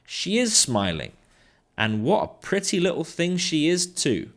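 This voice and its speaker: A man reading aloud and voicing a slightly dim male thief sidekick in a storybook, agreeable and slow. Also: on the high side, wildly swooping pitch, fairly bright tone, voice pushed up, heavily acted.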